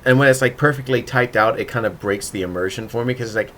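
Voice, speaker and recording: A man's voice: mid-range voice, quick pace, few pauses, fairly bright tone. A man hosting a casual writing livestream, thinking aloud and muttering to himself as he works.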